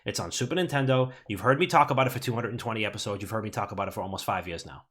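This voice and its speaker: Animated, swearing male podcast host. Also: lowish voice, very fast. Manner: animated, swearing, rambling storyteller. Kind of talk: casual podcast chat.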